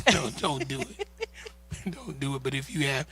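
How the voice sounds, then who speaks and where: A middle-aged male pastor co-hosting a marriage talk, speaking in a relaxed, joking way and often repeating his words. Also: mid-range voice, a little slow, breathy edge. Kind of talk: casual chat. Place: church sanctuary.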